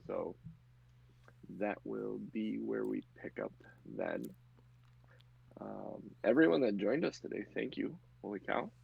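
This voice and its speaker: A man narrating a tabletop game as game master, relaxed and chatty. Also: lowish voice, slow pace, creaky, pauses often, slightly rough. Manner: relaxed, chatty, laughs easily. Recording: lo-fi muffled audio.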